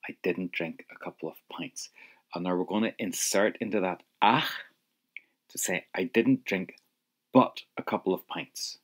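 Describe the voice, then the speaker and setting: A man's voice: low-pitched, unhurried. A man teaching an audio language lesson, patiently prompting the listener to answer.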